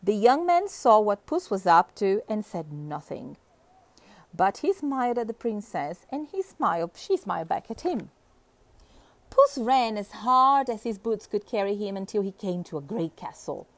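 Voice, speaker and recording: A woman reading a fairy tale aloud with expressive, animated storybook delivery. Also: medium pitch, moderate pace, no echo.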